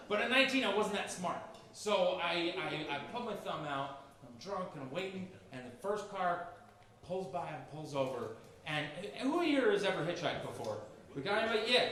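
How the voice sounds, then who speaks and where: High-pitched guy in his 30s doing standup, rambling self-mocking story, crowd laughing in a boomy room. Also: very echoey. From Maine, USA. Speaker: stand-up comedian. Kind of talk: stand-up comedy set. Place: comedy club stage before a live audience. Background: audience laughter.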